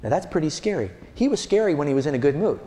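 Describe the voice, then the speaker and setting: A male preacher giving an animated sermon, telling the story with acted-out voices and questions to the congregation. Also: fairly high pitch, racing. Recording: echoey hall.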